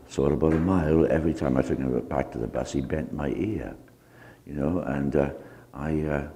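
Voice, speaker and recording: A man preaching a sermon, telling a personal testimony in an unhurried, anecdotal way. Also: extremely low pitch, mellow. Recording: long reverb of a hall.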